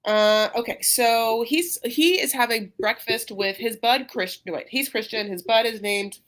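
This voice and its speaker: A woman's voice: a little high, a little slow, fairly bright tone. A woman co-hosting a casual podcast, chatting and rambling with lots of fillers and restarts. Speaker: podcast co-host recapping a reality show. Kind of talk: casual chat.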